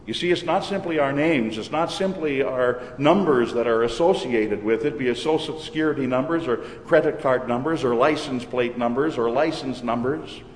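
Male pastor with a Minnesotan accent, deliberate sermon delivery, roomy sanctuary sound with faint ambience. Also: mid-range voice, a little hiss or hum. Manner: measured, deliberate preaching cadence. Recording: echoey church hall with long reverb.

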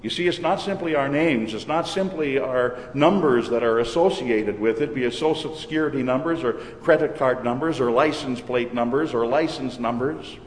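A man from Minnesota with a Minnesotan accent, preaching a sermon as pastor in a measured, deliberate way. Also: medium pitch, a little hiss or hum. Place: church. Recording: reverberant church hall.

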